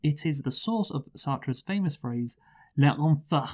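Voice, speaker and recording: A man's voice: on the high side, lively intonation, measured pace. A man hosting a movie review show in casual chat. He reads out a plot summary and keeps steering the talk back to the film.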